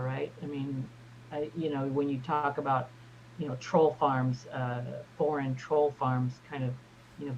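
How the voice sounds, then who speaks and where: A man's voice: medium pitch, dull audio, a little hiss or hum. An American man talking in a rambling casual way, full of fillers, as a guest in an online discussion. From United States. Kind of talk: casual chat.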